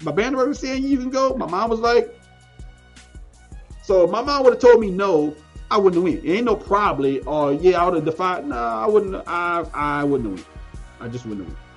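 Animated high-voiced man telling a story. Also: normal speed. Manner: animated, acts out quoted voices, stammers and restarts. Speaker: podcast guest. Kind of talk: storytelling in casual interview. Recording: dull lo-fi sound, faint music.

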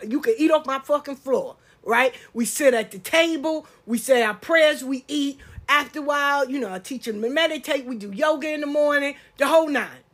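A middle-aged woman, hosting a podcast in a blunt, animated casual monologue and swearing freely. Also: high-pitched. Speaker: podcast host.

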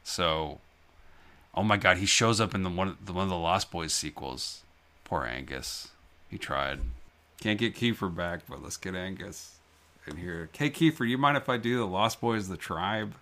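Man, low voice, forceful bright tone, rambling jokey podcast banter. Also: normal speed. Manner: rambling, jokey, laughs often. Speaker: podcast co-host. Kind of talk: casual movie podcast banter.

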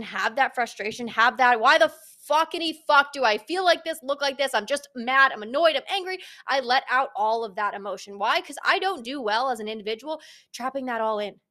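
A young woman talks through her solo podcast in a casual, candid way. Her voice sits slightly high, and she is blunt and lively, with plenty of profanity. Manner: blunt, frank and profane, animated. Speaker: podcast host.

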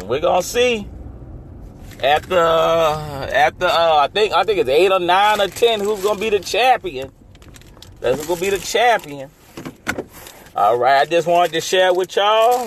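Podcast host, male, casual solo monologue, higher voice, rambly and repetitive, fight-announcer hype. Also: slight background noise. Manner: rambling and repetitive, with restarts and stumbles; hypes the matchup like a fight announcer.

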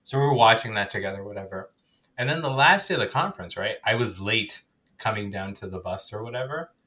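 A man's voice: fairly low pitch, a little fast. A man co-hosting a podcast, telling stories in casual chat and laughing often. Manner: animated storytelling, laughs often. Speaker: podcast co-host.

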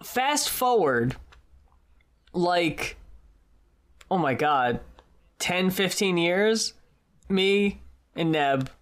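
A podcast co-host with a mid-pitched voice, telling stories in casual chat. The delivery is animated and profane, with quotes acted out along the way. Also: drawn-out words, pauses often.

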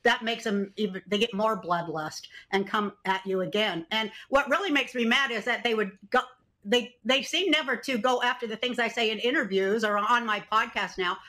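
Older female comedian guest, wry rambling answers, bright voice. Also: a little high. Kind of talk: interview answers.

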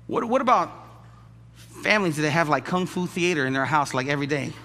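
A male pastor preaching a lively, joking sermon in a church, often acting out the people he describes. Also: on the high side, fairly quick. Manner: animated, jokey, acts out quoted voices. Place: church sanctuary. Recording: long church hall reverb.

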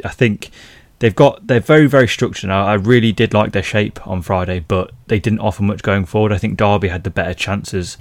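Male pundit, low voice, casual, full of ums and restarts, dry recording. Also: steady tone, a little fast, dry recording. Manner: conversational, with frequent fillers and restarts. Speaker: football pundit. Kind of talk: casual football podcast chat.

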